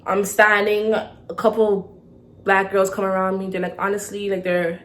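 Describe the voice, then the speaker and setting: Young woman doing a story time vlog, lively and chatty, keeps going "okay?". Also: mid-range voice, normal speed. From Toronto, Canada. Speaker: vlogger.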